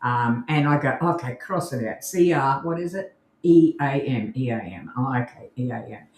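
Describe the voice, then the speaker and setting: A woman's voice: extremely low pitch, animated, moderate pace, darkish tone. An Australian woman co-hosting a casual podcast, chatty and rambling, laughing often. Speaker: co-host. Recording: echoey room.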